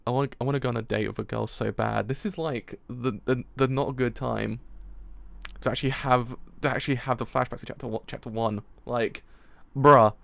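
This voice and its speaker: A man giving live reaction commentary as he reads a comic chapter, excitable and rambling, laughing often. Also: medium pitch, vocal fry, no room sound. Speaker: streamer reviewing a manga chapter.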